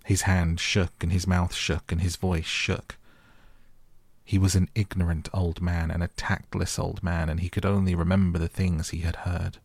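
A man narrating a storybook audiobook for sleep in a calm, gentle, measured way. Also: low-pitched, gravelly, slightly rough, no room sound. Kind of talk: soft bedtime audiobook reading.

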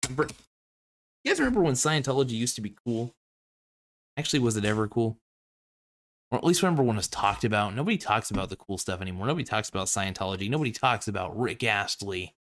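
A man with a fairly low voice hosts his own show and signs off in a loose, rambling way. He is goofy and self-mocking and jumps from one topic to the next. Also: sing-song, fast talker, a bit bright. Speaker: host of an online show. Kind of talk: rambling casual sign-off.

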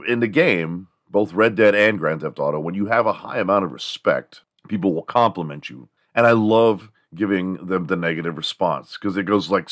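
A podcast host launches into a profane, casual comedic rant that rambles, now and then bursting into other people's voices. He has a low voice with a fairly bright tone, recorded dry with clean studio sound.

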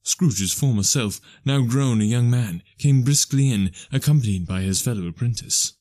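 A man's voice: medium pitch, normal speed, warm tone, no room sound, clean studio sound. Man reading a classic story. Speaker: audiobook narrator. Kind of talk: scripted storybook narration.

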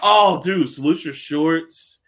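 A man co-hosting a casual podcast chat, excitable and slangy, laughing often. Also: fairly high pitch, slow. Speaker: podcast co-host.

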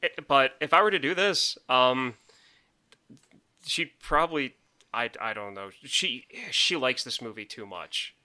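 A man's voice: mid-range voice, unhurried, pushed and bright. A married man co-hosting a podcast, rambling casually and laughing often. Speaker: podcast co-host. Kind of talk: casual chat.

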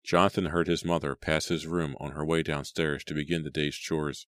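Very deep-voiced male audiobook narrator. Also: little pitch movement, normal speed, fairly bright tone, dry recording, studio quality.

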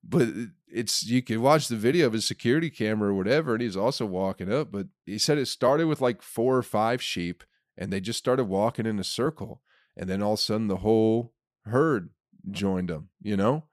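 A man's voice: fairly low pitch, a little fast, no room sound, clean studio sound. A man hosting a comedy podcast, rambling in a casual monologue, swearing freely and acting out made-up scenes. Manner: rambling, profane, acts out hypothetical scenes.

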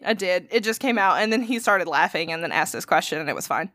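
Woman, podcast co-host, casual storytelling, animated, laughs a lot, swears. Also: lowish voice, quick pace, dry recording, clean studio sound.

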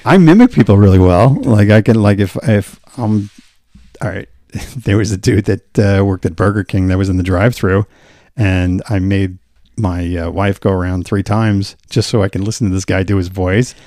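A deep-voiced man with a gravelly edge, co-hosting a podcast. He talks loosely, swears and laughs a lot. The mic is close and dry. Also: moderate pace, dark tone, no room sound. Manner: laughs often, loose and profane. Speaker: podcast co-host. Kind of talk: casual chat.

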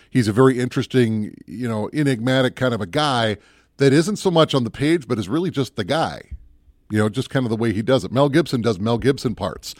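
This male podcast co-host, medium in pitch, wanders through thoughts on films in a relaxed chat show, musing out loud and frequently abandoning sentences halfway. It's a clean studio recording without any room sound.

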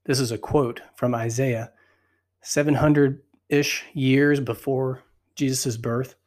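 A man's voice: mid-range voice, fairly even intonation, takes it slowly, darkish tone. Breathless man leading scripture meditation. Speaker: podcast host.

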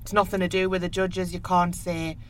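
A woman's voice: fairly low pitch, little pitch movement, slight background noise. A woman, hosting a radio chat and laughing easily. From North East England. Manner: chatty, quick to laugh. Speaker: radio host. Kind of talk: casual chat.

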